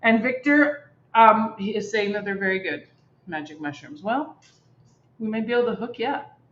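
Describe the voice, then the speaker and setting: A woman's voice: medium pitch, animated, moderate pace, a bit bright, slight background noise. A woman co-hosting a casual chat show, teasing her partner and greeting viewers by name. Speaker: co-host. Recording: roomy, dull lo-fi livestream sound.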